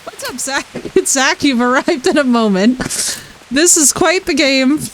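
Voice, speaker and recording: High-voiced, laughing woman game streamer. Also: a little slow, a little hiss or hum, low-quality recording. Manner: animated, laughing, swearing, chatting with viewers. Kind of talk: live gameplay commentary.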